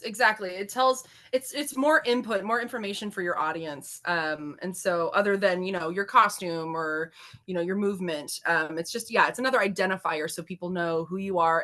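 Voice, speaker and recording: A woman's voice: mid-range voice, sharp tone. A woman co-hosting a podcast, explaining voice and accent basics in casual chat, laughing often and slipping into demo voices. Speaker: podcast co-host.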